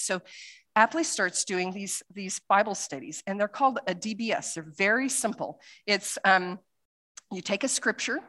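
A woman missionary speaking to a church congregation in a loose, chatty way, stumbling through restarts and fillers. Her voice sits at a middle pitch, and she jumps into little acted quotes as she tells her stories. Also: moderate pace. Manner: lively storytelling with acted quotes. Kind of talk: church talk with slides.

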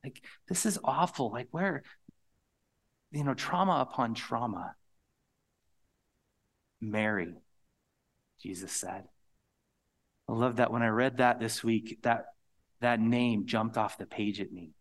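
Earnest male preacher, mid-pitched voice. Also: unhurried. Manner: earnest preaching, drops to a hushed whisper on key words. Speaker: pastor. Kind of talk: sermon.

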